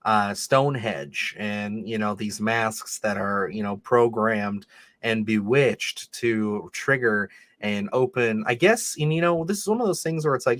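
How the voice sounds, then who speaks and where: A man's voice: lowish voice, a bit bright, no room sound. A man co-hosting a casual podcast chat about a film, rambling with lots of "like" and "you know.". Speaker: podcast co-host.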